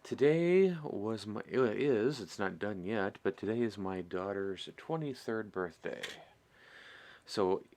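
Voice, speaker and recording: Rambling middle-aged man with a low voice. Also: expressive, slow, darkish tone. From Midwestern US. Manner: rambling, self-mocking, chuckles at himself. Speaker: host of a miniature painting stream. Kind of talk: casual chat while painting.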